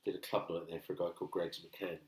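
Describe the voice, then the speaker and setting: A middle-aged comedian chatting casually, telling animated stories and acting out the people in them. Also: male voice, deep voice, fast talker. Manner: animated storyteller, acts out voices. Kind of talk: casual chat. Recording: roomy echo.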